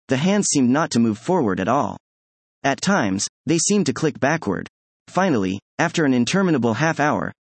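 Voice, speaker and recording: Male audiobook narrator, measured storyteller, husky tone, dry close mic. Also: medium pitch, no room sound. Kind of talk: first-person story narration.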